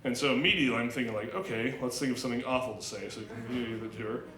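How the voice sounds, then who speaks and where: A man performs a crude, rambling stand-up set, full of restarts and fillers. His voice is bright and forceful, at a middle pitch. The club room rings around him, with a faint hum of ambience behind. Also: very fast, echoey room, poor audio. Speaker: stand-up comedian at open mic. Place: small club stage.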